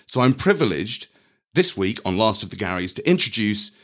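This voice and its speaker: A man's voice: on the low side, big pitch swings, moderate pace, a bit bright. A man hosting a comedy sketch show, dry and mock-earnest. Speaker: host.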